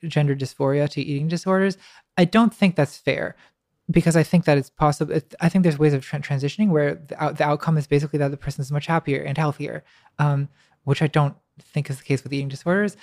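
A woman's voice: low-pitched, fairly even intonation, fast, darkish tone, no echo. Thoughtful woman guest, dry close sound. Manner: thoughtful, hesitant, many restarts and fillers; wry, laughs lightly at herself. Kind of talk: reflective conversation.

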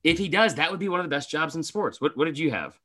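A young man co-hosting a sports podcast in a loose, joking chat. His voice is fairly high and bright, and his pitch swings widely as he tells stories, swears freely and breaks into laughter. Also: quick pace. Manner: animated, swearing, laughs a lot. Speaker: podcast co-host. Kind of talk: casual chat.

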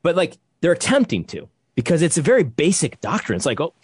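A man's voice: on the high side, huge pitch swings, fast, husky. A young man co-hosting a podcast, talking in a heated, emphatic way and often restarting his sentences as he gets worked up. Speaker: podcast co-host. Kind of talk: heated conversational commentary.

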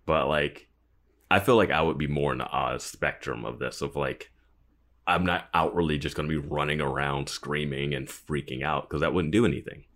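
Deep-voiced laid-back man chatting. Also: moderate pace, fairly bright tone. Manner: laid-back, drifts into mumbled asides and laughs. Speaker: podcast co-host. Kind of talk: casual chat recapping a TV episode.

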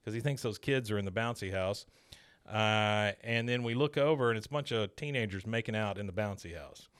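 A man's voice: fairly low pitch, brisk, a bit bright, clear, resonant tone, no echo. A man hosting a podcast, casually retelling a cartoon episode and briefly mimicking the characters' lines. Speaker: podcast host.

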